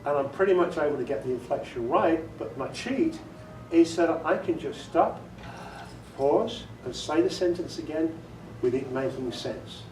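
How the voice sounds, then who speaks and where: A man's voice: on the high side, expressive, normal speed, darkish tone. A man giving a casual workshop talk on audiobook narration, chatty and self-amused, laughing often and demonstrating inflections. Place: meeting room before a group. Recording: echoey room, recorded from far off.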